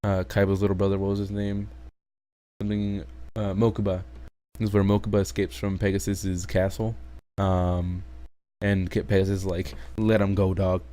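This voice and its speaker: A man's voice: low-pitched, completely flat delivery, normal speed, mellow. A man recapping anime episodes in a casual, rambling way, swearing often and trailing into asides. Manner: rambling, profane, full of fillers and asides. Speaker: anime reviewer.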